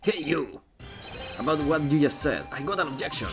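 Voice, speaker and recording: A man reading as a cool, dismissive prosecutor who cuts people off with curt, scolding lines. His voice has a gravelly edge. Game music plays behind. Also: medium pitch, lively intonation, measured pace. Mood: stern.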